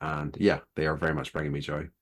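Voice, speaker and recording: A man's voice: extremely low pitch, little pitch movement, fast, fairly bright tone. A man, co-hosting a podcast in loose, rambling casual chat and laughing easily. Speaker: podcast co-host.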